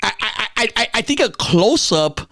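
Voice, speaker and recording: A man's voice: high voice, very animated, moderate pace, a bit bright, no room sound, studio quality. A man hosting a podcast, rambling through a story in casual chat, stammering, repeating words and swearing freely. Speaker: podcast host.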